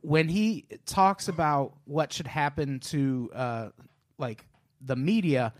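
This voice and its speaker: A man's voice: on the high side, slow, dry recording, clean studio sound. A man talking earnestly and with emphasis in a casual podcast chat.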